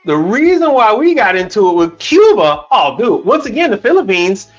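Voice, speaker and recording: A man's voice: sits high, normal speed, lo-fi sound, soft background music. A man hosting a casual livestream chat, talking bluntly and with a lot of swearing. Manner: blunt, profane, animated. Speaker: livestream host. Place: Houston, Texas.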